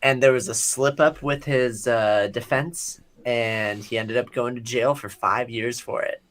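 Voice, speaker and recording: Slow-talking laid-back man. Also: mid-range voice, steady tone, a bit bright. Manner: laid-back, short agreeing replies, rambling asides. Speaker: podcast co-host. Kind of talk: casual chat.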